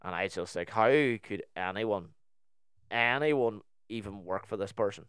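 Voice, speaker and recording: A young Northern Irish man tells a story in casual podcast chat, acting out each side of a past conversation. His voice sits fairly low and sounds smooth and clear. The sound is dry and close, with no room around it. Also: measured pace, dry recording. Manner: animated, acts out both sides of the story.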